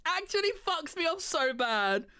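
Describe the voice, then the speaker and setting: High-pitched woman ranting on stream. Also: sing-song, moderate pace, pushed and bright, dry recording, clean studio sound. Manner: ranting, sweary, sarcastic mock voices. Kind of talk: casual stream chat.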